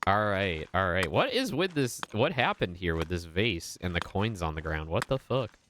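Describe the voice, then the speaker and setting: A young man streams a video game in a fairly low voice, joking crudely and laughing often. The talk is loose and casual. Faint noise sits under the voice. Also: big pitch swings, moderate pace.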